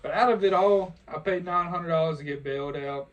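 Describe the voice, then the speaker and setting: Recorded on a distant mic with a little noise, a young Louisiana podcast host spins laid-back, profane stories and laughs through a casual chat. He speaks fairly quickly, in a voice on the high side.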